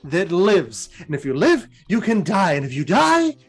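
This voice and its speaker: A man's voice: high voice, wildly swooping pitch, measured pace, breathy edge, exaggerated voice. A man voicing a power-drunk woman necromancer who gloats that she can kill anything. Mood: gloating.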